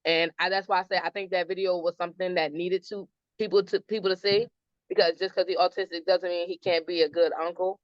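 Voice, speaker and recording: A woman's voice: on the low side, little pitch movement, fast, no room sound. Chatty woman guest, dry lo-fi sound. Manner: chatty, laughs often, acts out quotes. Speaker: podcast guest, mother. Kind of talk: casual storytelling interview.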